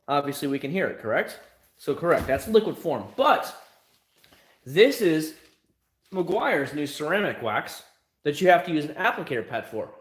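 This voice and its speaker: A man chats through a casual livestream, animated and talkative as he answers viewers' questions. His voice is bright and forward. The sound has a noticeable echo around it. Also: fairly high pitch. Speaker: livestream host.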